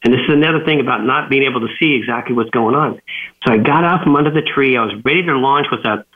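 A man's voice: mid-range voice, fast talker. Man telling stories over a tinny phone line. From California. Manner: animated storyteller who acts out quoted dialogue. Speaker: guest author. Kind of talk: radio interview storytelling.

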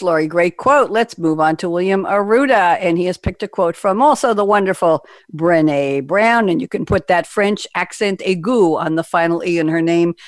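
A woman's voice: on the low side, no room sound. A woman hosting a business talk radio show, chatty and enthusiastic, stacking up long lists as she introduces things. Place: remote call with panelists.

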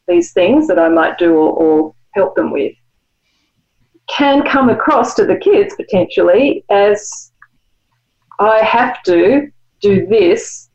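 A woman's voice: medium pitch, darkish tone. Reflective woman author, muffled recording. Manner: measured, reflective explaining. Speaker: author and guest. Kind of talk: conversational interview.

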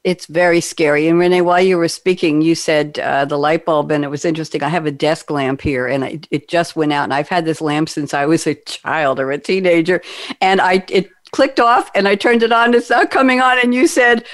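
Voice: fairly quick, no room sound. Chatty panel host, dry close sound. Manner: chatty, animated, jumps up in pitch for emphasis. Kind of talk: moderating a webinar panel.

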